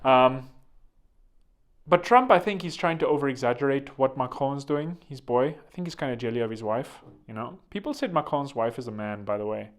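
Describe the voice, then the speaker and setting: A man's voice: mid-range voice, expressive, moderate pace. A man hosting a vlog with rambling comedic commentary, joking and digressing, full of fillers. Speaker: vlog host.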